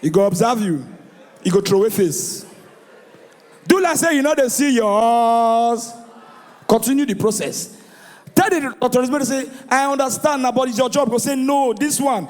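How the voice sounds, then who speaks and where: A man with a Nigerian accent doing a stand-up comedy routine, animated and shouting his punchlines while acting out the voices in his jokes. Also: extremely high pitch, normal speed. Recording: live venue with long reverb.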